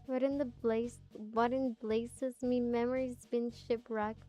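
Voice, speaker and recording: Woman putting on a gruff old sea captain. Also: on the high side, flat delivery, takes it slowly, dark tone, faint music behind. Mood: bewildered. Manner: rough sailor dialect, blustering.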